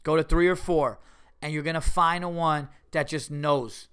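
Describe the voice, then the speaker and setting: Male comedian host, young adult, casual storyteller, loose and animated, lots of restarts, voice sits a bit high. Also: moderate pace, smooth. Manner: animated, rambling with many fillers and restarts.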